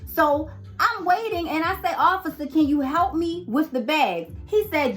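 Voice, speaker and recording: Woman, wife in an interview, indignant and insistent, slightly high voice. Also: expressive, a little slow, fairly bright tone, faint music behind. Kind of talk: emotional personal account.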